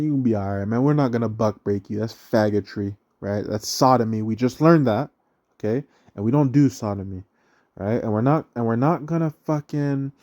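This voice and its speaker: A man's voice: fairly high pitch, warm tone. A young man rambling through a casual, profane rant, often tagging "right?" and laughing at his own remarks. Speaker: online religious commentator.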